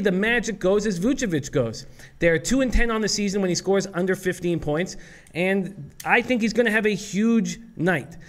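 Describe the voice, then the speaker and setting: A man co-hosting a sports betting show, giving his picks and reeling off statistics in a steady, prepared way. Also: high voice.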